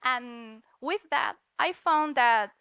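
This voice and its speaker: Cheerful lady giving a talk, kinda high, smooth clear voice, dry sound. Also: slow, sharp tone, no room sound, lo-fi sound. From Spain. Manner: cheerful, laughs often, slips in Spanish words. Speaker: guest speaker, comic artist. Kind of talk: talk at a university event. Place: lecture room in New York.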